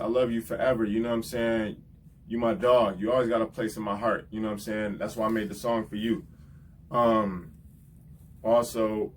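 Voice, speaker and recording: A man, a rapper hosting his own show, giving heartfelt, rambling shout-outs in casual slang and often adding "you know what I'm saying". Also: medium pitch, recorded from a distance, slight background noise.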